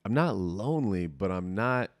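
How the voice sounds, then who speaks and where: Speaking close to the mic in a dry recording without room echo, a young podcast host with a deep, low voice chats casually at a normal speed. He's expressive, candid, and rambling, swearing freely and without any filter.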